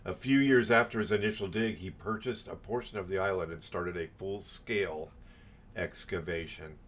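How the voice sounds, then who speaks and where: A man's voice: low-pitched, moderate pace, a bit bright. A man co-hosting a podcast, reading history aloud with dry joking asides. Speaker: podcast co-host. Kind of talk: casual chat and reading aloud.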